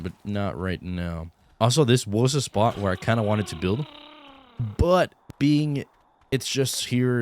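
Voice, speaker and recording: Low-voiced young man rambling over gameplay. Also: a little hiss or hum. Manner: rambling, many fillers, easygoing. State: groggy morning voice. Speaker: gaming YouTuber. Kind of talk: casual let's-play commentary.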